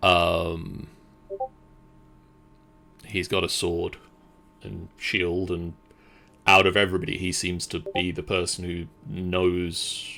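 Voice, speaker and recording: Slow deep-voiced game master. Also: male voice, monotone, gravelly, bright, forceful tone. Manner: slow, hesitant, many ums. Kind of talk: narrating a tabletop game.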